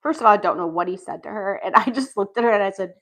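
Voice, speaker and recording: A woman's voice: medium pitch, racing, poor audio. A middle-aged woman casually telling a story, laughing often and acting out what people said. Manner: animated, laughs often, acts out quoted lines. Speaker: podcast host telling a dating story.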